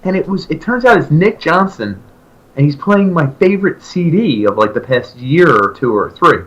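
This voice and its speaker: A man in his thirties, a podcast co-host, telling a long story in casual chat and acting out his own excited remarks. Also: a little high, normal speed, muffled recording. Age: 30s. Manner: animated, jumps into loud excited quoted voices.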